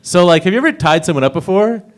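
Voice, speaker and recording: A man's voice: sits high, lively intonation, fast. A young man performing stand-up at an open mic, rambling through his jokes and laughing at his own lines. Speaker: stand-up comedian. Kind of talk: stand-up set. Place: open mic comedy stage.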